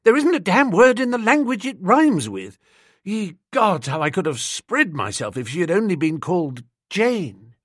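A man voicing a dramatic, lovesick young gentleman who gushes and sulks over his beloved, in an audiobook reading. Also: high voice, very animated, normal speed, no echo, clean studio sound, voice pushed up, heavily acted. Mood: eager. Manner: gushing and petulant, sighs over his beloved. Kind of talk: audiobook character voice.

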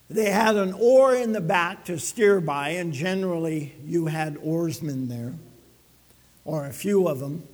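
A man preaching a sermon, telling a story with dramatic swings between loud and soft. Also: high voice, in a large hall. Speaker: pastor.

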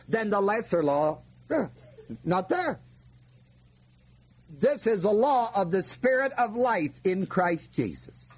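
A man's voice: high voice, breathy edge. A man preaching a folksy Bible-teaching sermon, often asking his listeners questions and leaning hard on key words. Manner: folksy, asks the audience questions, stresses words.

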